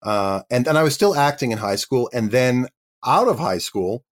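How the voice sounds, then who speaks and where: A man's voice: mid-range voice, animated, moderate pace. A man, a guest actor, telling his career story in a chatty interview with frequent restarts. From Canada.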